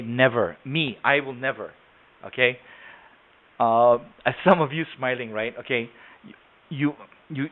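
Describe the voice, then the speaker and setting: A man running a live sales training webinar, explaining step by step and often checking in with "okay?". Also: mid-range voice. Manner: explains with frequent "okay?" check-ins and acted examples. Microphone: computer mic on a video call. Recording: tinny phone-like webinar audio.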